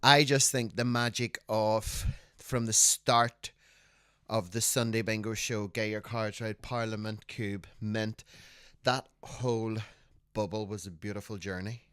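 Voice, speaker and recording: A man's voice: lowish voice, fairly even intonation, unhurried, a bit bright, clear, resonant tone, dry recording, studio quality. A man co-hosting a casual podcast, reminiscing fondly and giggling. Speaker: podcast co-host.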